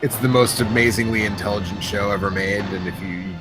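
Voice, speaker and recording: Low-voiced wisecracking co-host. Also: male voice, fairly even intonation, a little fast, over music, rough recording. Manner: laughing, wisecracking. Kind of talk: casual let's-play chat.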